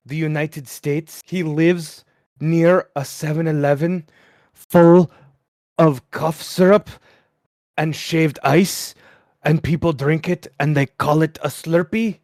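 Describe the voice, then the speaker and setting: A solemn older documentary narrator, put on by a man, pronounces every dull detail with grave deadpan weight. He talks very slowly in a slightly raised voice. The sound is close and dry. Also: a little high, no room sound. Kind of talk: impression of a famous documentary narrator.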